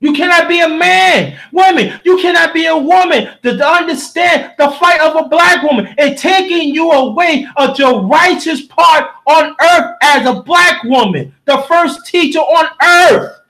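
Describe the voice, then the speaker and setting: A man hosting a livestream in a heated, preachy rant, often shouting and speaking straight to his listeners while reading the chat. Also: very high voice, measured pace.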